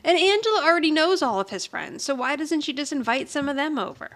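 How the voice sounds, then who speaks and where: A woman's voice: sits high, expressive, quick pace, a bit bright. A woman in her forties chatting casually as a podcast co-host, retelling scenes and laughing often. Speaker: podcast co-host recapping a sitcom episode. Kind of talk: casual chat.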